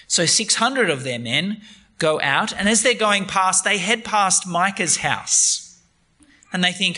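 A man preaching a sermon on a Bible passage, retelling it in a lively, conversational way. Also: high-pitched, measured pace.

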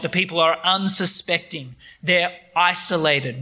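A man preaching a sermon on a Bible passage, retelling it in a lively, conversational way. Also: high-pitched, unhurried, noisy background.

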